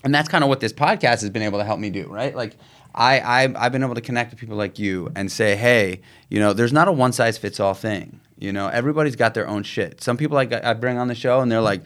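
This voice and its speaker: Animated casual male podcast host. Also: mid-range voice, fast talker. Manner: animated, swears casually, many filler "like"s. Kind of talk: casual conversational interview.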